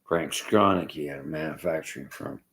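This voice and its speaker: A man's voice: extremely low pitch, moderate pace, fairly bright tone, slight background noise, rough recording. A man rambling through a combative, blunt political rant aimed at his viewers. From Canada.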